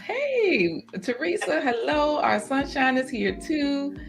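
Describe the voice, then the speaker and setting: A woman hosting a garden livestream in casual chat, animated and chatty, breaking into laughter often. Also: high voice, slow pace, vocal fry, soft background music.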